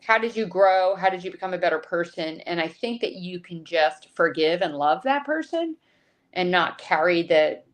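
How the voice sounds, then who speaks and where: A woman's voice: on the low side, lively intonation, moderate pace. A woman who is a podcast guest, telling an emotional personal story with many restarts over a video call. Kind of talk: conversational storytelling.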